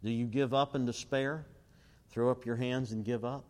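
A male preacher delivering a sermon in an emphatic way, pausing to let listeners fill in the end of his questions. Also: medium pitch, steady tone, darkish tone. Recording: long hall reverb.

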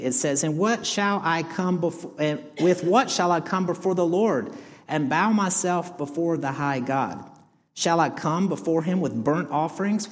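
Man, pastor, sermon, fairly high voice, rhetorical questions, long church reverb. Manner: preaching with rhetorical questions and scripture readings. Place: church sanctuary.

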